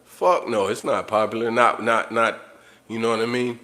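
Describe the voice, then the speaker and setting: A man's voice: medium pitch, level tone, moderate pace, bright, forceful tone. A man talking straight to his viewers in an unscripted livestream monologue, blunt, profane and repeating himself as he rants. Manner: blunt, profane, repetitive ranting. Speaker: livestream host.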